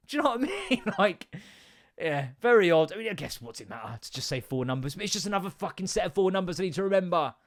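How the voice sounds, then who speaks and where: A man, hosting a podcast and telling stories in a casual, sweary, animated way with sudden loud outbursts. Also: high-pitched, fast talker. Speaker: podcast host. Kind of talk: casual comedic monologue.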